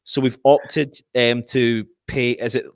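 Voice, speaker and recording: A man's voice: medium pitch, takes it slowly, smooth, dry recording, studio quality. A man hosting a casual fan live stream, reading viewer comments and making match predictions. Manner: animated, reads out viewer comments.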